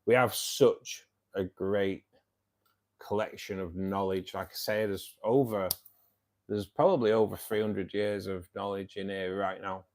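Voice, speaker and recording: A man's voice: low voice, fairly even intonation, a little slow, darkish tone. A man in his fifties with a Mancunian accent, chatting casually with viewers on a fishkeeping livestream and calling them "mate". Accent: Mancunian English. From England, Manchester. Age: 50s. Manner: chatty and matey, keeps saying "mate". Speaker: livestream host of a fishkeeping club.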